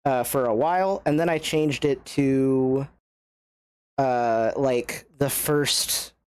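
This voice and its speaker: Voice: mid-range voice, slow, a little mellow, smooth, no room sound. Chatty self-mocking game streamer. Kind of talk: casual let's-play commentary. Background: faint game music.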